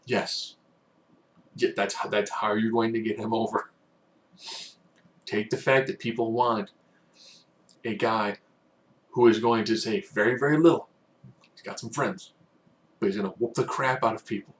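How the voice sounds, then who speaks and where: A man giving a casual, rambling spoken recap, now and then acting out quotes in loud bursts. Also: on the low side, fairly even intonation, normal speed, long pauses. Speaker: wrestling recap host.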